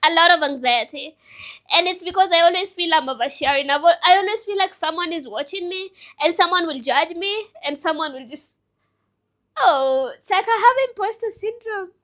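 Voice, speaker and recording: A young woman in her twenties speaks in a high, bright voice. She rambles through an emotional, self-reflective personal vlog, as if thinking aloud to the camera. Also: expressive, moderate pace. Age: 20s. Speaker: vlogger and business owner.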